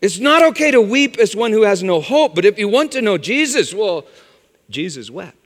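A man preaching a sermon, swinging from loud exclamations to hushed, low phrases. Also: very animated, normal speed. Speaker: pastor. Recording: long hall reverb.

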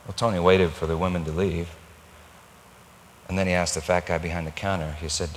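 A male pastor telling a story in a sermon, animated and acting out the dialogue. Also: low voice, fairly quick, a little hiss or hum. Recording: long reverb in a large hall.

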